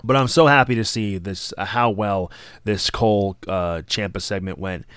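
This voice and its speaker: Male podcast host, casual wrestling recap, smooth tone, dry close sound. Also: lowish voice, normal speed, a bit bright, no echo. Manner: enthusiastic, acts out quoted lines. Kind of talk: casual wrestling review monologue.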